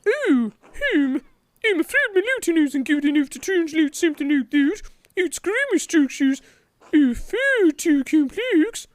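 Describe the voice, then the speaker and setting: A man voicing a gentle, sly elderly nun in a high falsetto while reading game dialogue. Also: sing-song, unhurried, dry recording, full character voice.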